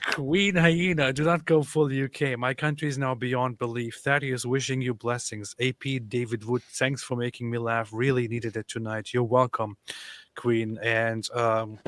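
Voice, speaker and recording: Halting man reading viewer messages. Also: medium pitch, steady tone, no room sound. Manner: halting, many fillers and restarts, chuckling. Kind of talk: casual chat.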